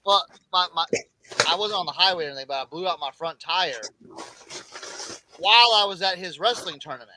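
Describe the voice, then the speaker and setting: High, bright-voiced man telling a story. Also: brisk, pauses often, slight background noise, low-quality recording. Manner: animated, rambling anecdote with acted quotes and restarts. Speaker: reseller podcast host. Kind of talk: casual storytelling chat.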